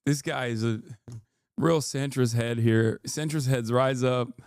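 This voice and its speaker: A man's voice: medium pitch, fairly even intonation, a little slow, darkish tone, smooth, no echo, clean studio sound. A man in his thirties streaming, giving casual sarcastic reaction commentary and laughing often.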